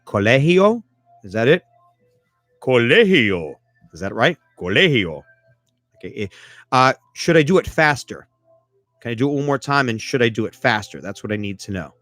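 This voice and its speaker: A man hosting a live podcast in a casual chat style, animated and self-mocking, and he keeps asking listeners for feedback. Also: medium pitch, quick pace, no room sound, soft background music. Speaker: podcast host.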